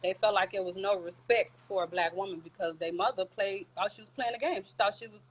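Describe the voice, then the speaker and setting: Casting: woman of middle pitch, earnest and opinionated, casual talk. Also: fairly quick, husky.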